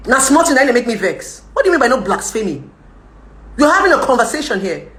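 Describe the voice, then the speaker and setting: A young Nigerian-accented woman rants at her viewers during a live video, scolding and combative, often laughing and switching into Pidgin. Her voice is fairly high, bright and sing-song, a little fast, and the room sounds echoey.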